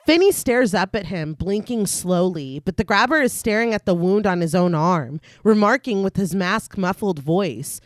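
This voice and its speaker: A woman's voice: medium pitch, animated, normal speed, few pauses, no echo, studio quality. A woman co-hosting a horror podcast, retelling the plot of a film in detail between her own casual comments. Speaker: podcast co-host. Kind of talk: casual chat and film recap narration.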